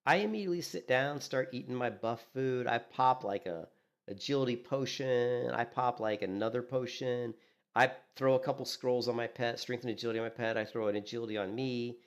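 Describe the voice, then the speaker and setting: Guy on a game stream just chatting, tells stories all animated, does everyone's lines, says "you know" a lot. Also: medium pitch, brisk, clean tone. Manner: animated storytelling, acting out what others said. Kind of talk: casual gaming stream chat.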